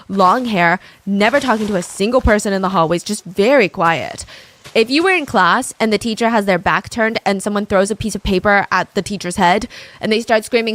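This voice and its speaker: A woman's voice: medium pitch, moderate pace, fairly bright tone. Casual young woman telling a true crime story. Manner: casual, with many "like" and "I mean" asides.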